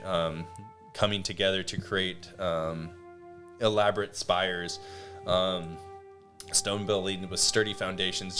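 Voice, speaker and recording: Low-voiced man narrating a tabletop game. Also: fairly bright tone. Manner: rambling, many fillers. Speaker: dungeon master.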